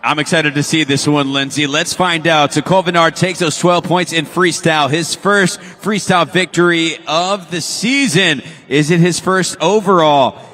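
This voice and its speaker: A man announcing a stadium monster truck show, calling out scores and winners in drawn-out, shouted lines. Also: on the high side, long reverb tail. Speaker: arena announcer. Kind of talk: stadium event commentary. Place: large indoor stadium.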